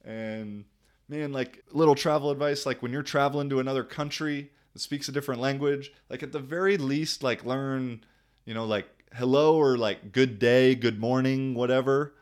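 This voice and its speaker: A man's voice: medium pitch, moderate pace. A young man talking casually in a loose, slangy way, laughing often as he tells stories about living abroad. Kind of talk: casual vlog monologue.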